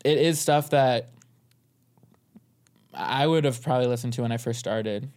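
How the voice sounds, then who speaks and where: Young male comedian guest, mid-pitched, hesitant, full of fillers, casual podcast banter. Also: darkish tone. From Southern California. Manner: halting, full of fillers and restarts, laughs often.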